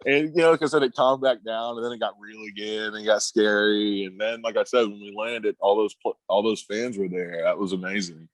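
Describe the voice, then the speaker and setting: A man in his thirties, a podcast guest and former pro basketball player, telling stories in a relaxed, halting way with frequent laughs. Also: fairly low pitch, no room sound. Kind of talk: casual storytelling on a podcast.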